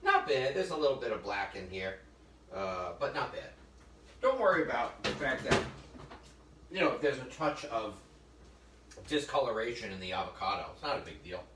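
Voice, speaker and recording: A middle-aged man leads a relaxed cooking demonstration, joking with the audience and wandering into stories. His voice sounds set back from the mic in an echoey kitchen. A faint room hum sits underneath. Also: medium pitch, normal speed, long pauses, recorded from a distance. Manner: chatty storyteller, jokey asides to viewers. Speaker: cooking show host.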